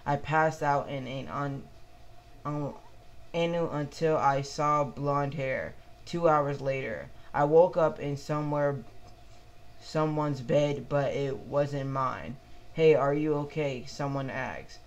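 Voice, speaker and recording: Male amateur reader, slow, gravelly, stumbles constantly through fan fiction. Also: fairly high pitch, dull audio, a little hiss or hum. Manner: halting, stumbling, frequent restarts. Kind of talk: reading own fan fiction aloud.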